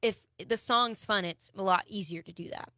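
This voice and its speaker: Bright-voiced woman, chatty and hesitant. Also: medium pitch, normal speed, dry recording, clean studio sound. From Wisconsin. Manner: chatty, hesitant, with many ums. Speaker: singer-songwriter guest. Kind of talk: casual interview chat. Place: radio studio.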